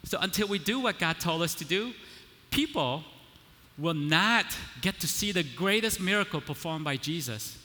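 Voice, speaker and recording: A male preacher gives a conversational sermon, frequently checking in with his listeners and building toward emphatic declarations. His voice is bright, forceful and slightly high, with lively intonation at a normal speed, and it rings with a long reverb through a large hall.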